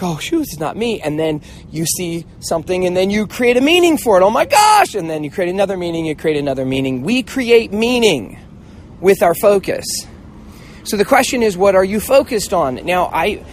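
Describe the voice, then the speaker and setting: A middle-aged man speaking in a fairly high voice as he gives a motivational talk. He tells stories in a casual, animated way and acts out the people in them. A faint hiss of noise sits under his voice. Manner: animated storytelling, acting out voices; casual, swears now and then. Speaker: host, mentor.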